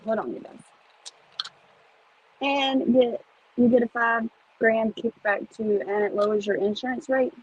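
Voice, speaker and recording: A woman's voice: a little high, steady tone, unhurried, long pauses, slightly rough, dull audio. A woman with a Southern US accent chatting casually in a vlog, rambling with country phrasing, talking from a car. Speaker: vlogger. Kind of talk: casual chat.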